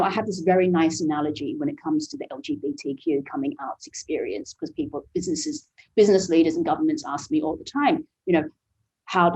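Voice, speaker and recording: A woman's voice: on the low side, dark tone. A woman guest on a podcast interview, talking earnestly with many "you know"s and restarts. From Vietnamese family raised overseas.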